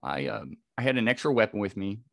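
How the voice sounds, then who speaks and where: A man's voice: fairly low pitch, sing-song, fast talker, gravelly, no echo, studio quality. A man, a podcast guest, telling a vivid first-person encounter story with frequent restarts. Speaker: podcast guest, Bigfoot researcher.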